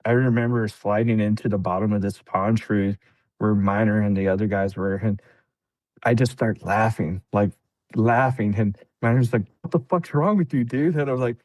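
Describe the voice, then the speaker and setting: A man's voice: on the low side, steady tone, moderate pace, darkish tone, no echo. A man on a podcast casually telling a story, laughing often and acting out what people said. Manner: laid-back, laughs often, acts out quotes. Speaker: podcast guest, veteran.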